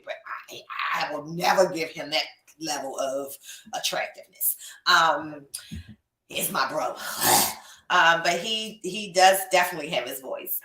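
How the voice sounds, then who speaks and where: Here a young woman podcast host who breeds reptiles chats effusively, getting emotional as she reads out comments from viewers. Her voice sits low with a sharp tone. The recording has room echo and a far-off mic.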